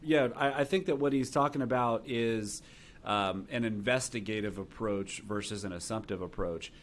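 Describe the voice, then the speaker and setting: A man hosting a podcast, speaking in a relaxed, conversational way about sales approaches. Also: on the low side, moderate pace, slight background noise.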